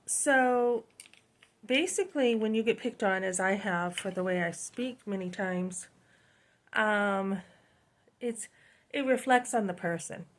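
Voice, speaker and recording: This woman from New Hampshire, USA, hosts a channel and speaks with medium pitch. Her casual storytelling monologue is chatty and rambling, dotted with plenty of "um"s and "you know"s.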